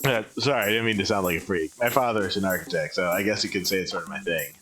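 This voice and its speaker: A man's voice: low voice, fast talker, a bit bright, soft background music. A man reading the lines of a curious, polite young female dinosaur traveler from a game on a live stream. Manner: polite and inquisitive, plainly read.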